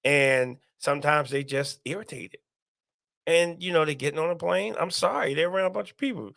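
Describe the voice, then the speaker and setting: A man's voice: on the high side, moderate pace, gravelly, fairly bright tone, dry recording, clean studio sound. A man hosting a casual live stream, talking to viewers and reading their comments aloud, repeating himself often. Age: adult, parent.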